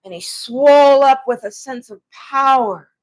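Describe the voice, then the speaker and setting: Woman telling her own story, slightly high. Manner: emotional, with halting restarts. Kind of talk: personal account to camera.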